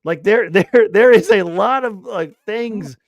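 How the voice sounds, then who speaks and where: A man with a high voice co-hosts a sports podcast in casual chat. He rambles along animatedly, breaking into loud bursts now and then, recorded dry and close. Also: measured pace, no room sound, muffled recording. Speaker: podcast co-host.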